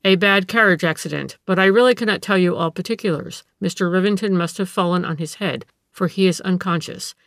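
A woman voicing a gentleman man of science who speaks earnestly and bluntly. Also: fairly low pitch, no echo, studio quality, natural voice. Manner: measured, blunt.

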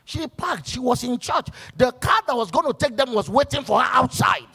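A male pastor preaching to his church workers with a high, husky voice. His tone is gravelly and rough-edged. He drives his points home emphatically, trading stories for scripture. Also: expressive, normal speed, few pauses, pushed and bright.

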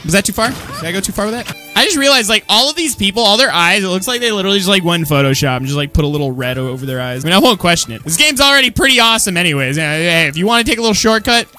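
A woman commenting on her own gameplay, excitable and slangy, often yelling at the screen. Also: medium pitch, racing, few pauses. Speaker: gaming channel host. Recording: loud game music behind voice. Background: game music.

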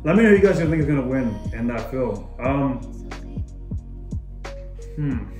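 A man's voice: medium pitch, sing-song, measured pace, dark tone, echoey room, faint music behind. A young man from Australia who chats casually and swears a lot while he answers would-you-rather questions in a vlog. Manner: casual and chatty, swears often, says "bro" a lot. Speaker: YouTuber.

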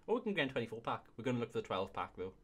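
A man's voice: mid-range voice, sing-song, rapid-fire, fairly bright tone, slightly rough. A young man hosting a casual comedy video, reading reviews aloud and often breaking into laughter. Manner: giggly, keeps breaking into laughter. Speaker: video host.

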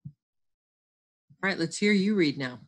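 A woman's voice: lowish voice, lively intonation, takes it slowly. A woman teacher leading a reading lesson for children over a computer microphone, patient and explanatory.

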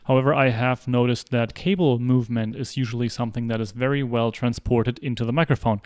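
Smooth-voiced man narrating a microphone test. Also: mid-range voice, fairly even intonation, a little fast, hardly any pauses, no room sound. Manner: methodical, narrates each step of the test. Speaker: video creator testing microphones. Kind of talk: explanatory gear demonstration. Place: indoor room. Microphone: handheld and desk microphones at changing distances.

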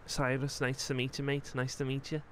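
A man's voice: mid-range voice, completely flat delivery, a little fast, a crowd in the background, close to an everyday voice. A man voicing a friendly, rambling spirit medium from Liverpool with a Scouse accent, in game role-play dialogue. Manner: friendly, rambling, mate-and-lad slang.

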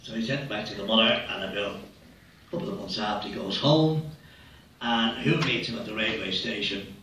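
A man's voice: lowish voice, fairly quick, sharp tone, a little hiss or hum. A man, a comedian, telling jokes live on stage in a rambling, storytelling way. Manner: rambling storyteller, doing small voices for characters. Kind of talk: live stand-up joke telling. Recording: echoey live hall, distant mic.

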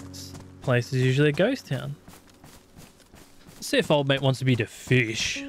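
Animated swearing Australian man streaming. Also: medium pitch. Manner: lively, swears a lot, jokey mock-outrage. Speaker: streamer playing a survival game. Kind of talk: casual gaming commentary. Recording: game music behind the voice. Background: game music.

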